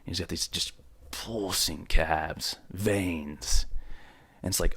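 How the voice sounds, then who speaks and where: A man's voice: sits low, slow, a bit bright, slightly rough, dry recording. A young man hosting his own podcast in a joking, rambling rant, mock-outraged, close to the mic. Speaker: podcast host. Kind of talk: solo comedic podcast rant.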